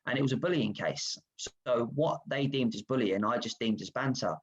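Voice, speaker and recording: Speaking over a video call, a former footballer shares frank, self-reflective stories about himself, full of animated anecdotes. His mid-range voice has a breathy edge and a moderate pace, and the audio sounds dull.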